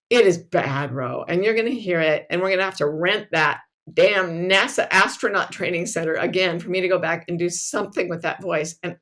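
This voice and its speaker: A woman hosting a casual podcast who tells stories in an animated, self-mocking way and laughs often. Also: lowish voice, a little fast, few pauses. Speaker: podcast host.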